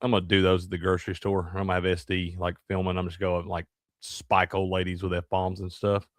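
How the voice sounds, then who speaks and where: Deep-ish guy riffing jokes on a sports chat, dry mic. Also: monotone, no room sound. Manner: joking, quick to agree. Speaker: co-host. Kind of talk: casual sports show chat.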